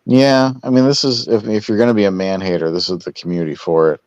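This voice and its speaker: A man's voice: on the low side, fairly even intonation, fast talker, darkish tone, no echo, dull audio. A man chatting sarcastically on a live stream panel, mocking in a casual way.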